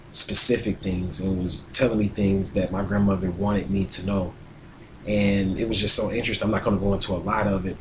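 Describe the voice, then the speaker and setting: A man's voice: sits low, a little hiss or hum, rough recording. A man talking casually about astrology as an astrologer, rambling and conversational, with plenty of fillers and restarts. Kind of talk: casual spoken talk on astrology.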